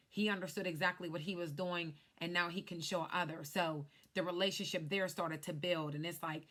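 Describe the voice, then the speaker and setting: A woman in her thirties, a life insurance agent, telling her story to camera in an animated way while glancing at cue cards. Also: lowish voice, a little fast, few pauses. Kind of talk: casual talk to camera.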